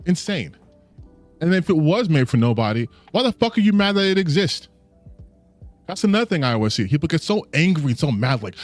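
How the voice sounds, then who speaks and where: Blunt, profane gaming ranter. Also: male voice, on the high side, very animated, fairly quick, soft background music. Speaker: gaming commentator. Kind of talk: ranting commentary.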